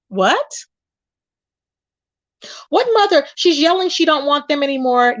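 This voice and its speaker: Woman doing casual commentary, aave, talks right to chat, kinda high voice, real dry. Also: moderate pace, pauses often, dry recording, highs cut off. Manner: animated retelling, quotes others in raised voice, addresses viewers directly. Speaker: commentary channel host.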